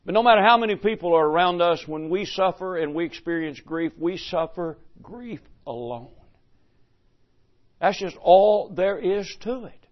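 An older man delivers a sermon in a slightly high voice. He swings from loud declarations to slow, hushed phrases and puts rhetorical questions to his congregation. The recording is muffled and lo-fi. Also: animated. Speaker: pastor. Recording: dull lo-fi recording.

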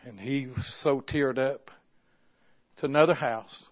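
A man preaching a sermon, moving from quiet, hushed storytelling to loud, impassioned exhortation. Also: mid-range voice, a little slow. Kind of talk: sermon with stories. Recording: dull lo-fi recording.

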